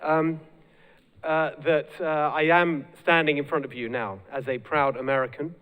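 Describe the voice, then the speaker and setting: A man with a British accent giving an energetic live speech as a guest speaker, rallying the crowd. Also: fairly high pitch, a little slow, smooth. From United Kingdom. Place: large hall with a live audience. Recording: long hall reverb.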